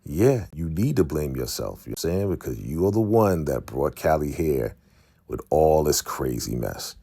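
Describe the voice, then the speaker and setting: A man with a very deep, low voice runs through a casual recap of a TV episode. He retells the scenes with animated energy and slips into quick impressions of the characters' lines. The sound is dry and close, with no room echo. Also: vocal fry, breathy edge. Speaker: TV recap host.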